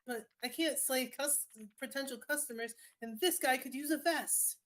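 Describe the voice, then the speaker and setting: Woman doing a high, fawning huckster, all pitch and no pause. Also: fairly bright tone. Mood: wheedling. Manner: wheedling, overly polite sales pitch. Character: pushy invisible male salesman.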